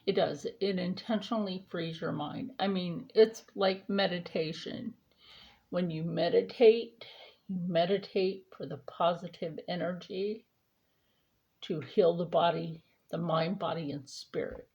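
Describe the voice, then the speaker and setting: A woman's voice: lowish voice, measured pace, creaky, mellow, muffled recording. A woman vlogger chatting casually during her skincare routine, telling a rambling story with lots of fillers.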